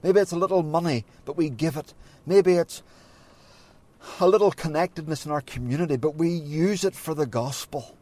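A man preaching a sermon, earnest and measured, leaning on pauses and rising to emphatic moments. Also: on the high side, darkish tone.

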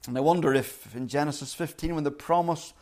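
A man preaching a sermon in an earnest way, acting out quoted lines with loud and soft swings. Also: fairly high pitch, a little fast. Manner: earnest, acts out quoted voices with shifting volume.

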